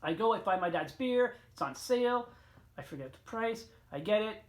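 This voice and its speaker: A middle-aged man telling a rambling story on his vlog. He swears freely and meanders from one aside to the next. His voice leaps up in pitch and volume without warning, then drops back to a grumble. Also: lively intonation, moderate pace. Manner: rambling, profane, frequent sharp jumps in pitch and loudness. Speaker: vlogger. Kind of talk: casual storytelling rant.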